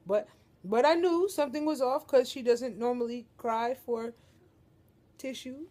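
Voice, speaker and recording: A woman's voice: on the high side, a little slow, mellow. Joking young woman chatting on her couch. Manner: joking, playful, addresses viewers as y'all. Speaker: vlogger. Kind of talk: casual chat to camera. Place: living room couch at home.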